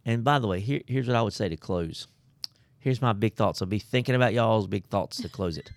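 Gravelly folksy man. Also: on the low side, brisk, no room sound. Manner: folksy, preachy, joking. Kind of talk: casual faith discussion.

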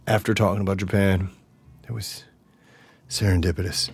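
A man hosting a podcast, chatting casually and energetically, profane, with loud bursts and mumbled asides. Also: low voice, moderate pace, slightly rough. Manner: animated and profane, swings from loud bursts to mutters. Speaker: podcast host. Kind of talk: casual solo podcast chat.

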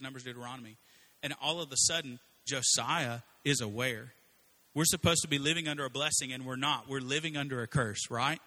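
A man preaching a sermon in a casual, conversational way, acting out quotes as he tells stories. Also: mid-range voice. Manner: conversational, animated storytelling with acted-out quotes.

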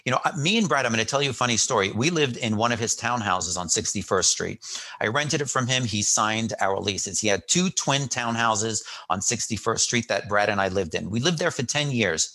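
A middle-aged man telling a story in a casual chat, animated, acting out quotes and often restarting his sentences. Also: on the low side, brisk. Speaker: guest.

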